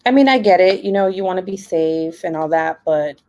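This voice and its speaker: A young woman talks into her laptop from home, casual and rambling. Her voice is warm and mellow, and she laughs easily between her "like"s. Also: lowish voice, animated, fairly quick, lo-fi sound. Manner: chatty, many "like" fillers, laughs often. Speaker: live stream host. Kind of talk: casual chat while crafting.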